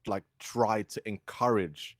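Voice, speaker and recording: A young man, co-hosting a casual podcast and telling animated stories. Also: lowish voice, slow, no echo. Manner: storytelling, animated when quoting others. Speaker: podcast co-host. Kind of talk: casual chat.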